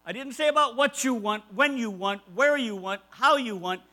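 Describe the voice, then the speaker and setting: A man's voice: very high voice, normal speed, sharp tone, low-quality recording. A man preaching a conversational sermon, emphatic and repeating key phrases, with asides to his listeners.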